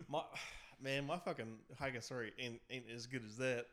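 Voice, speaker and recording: Brief: male podcast co-host, mid-range voice, loose and rambling, full of fillers, casual cursing. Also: mid-range voice. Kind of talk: casual chat.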